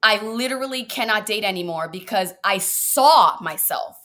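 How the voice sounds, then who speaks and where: A woman coach talking in a podcast conversation, animated and expressive, acting out little quotes as she speaks. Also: mid-range voice, normal speed. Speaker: guest coach.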